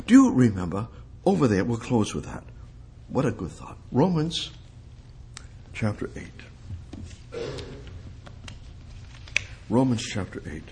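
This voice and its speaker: A male preacher delivering a sermon, asking rhetorical questions and building up to emphatic, high-pitched peaks. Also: wildly swooping pitch, slow pace, long pauses, mellow, husky.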